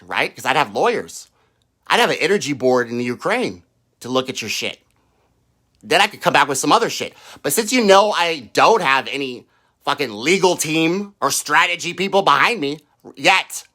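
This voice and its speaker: A man's voice: fairly high pitch, sharp tone. A man ranting on a livestream, heated and profane, mocking his targets in put-on quotes. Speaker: political livestreamer. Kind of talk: angry livestream rant. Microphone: own microphone.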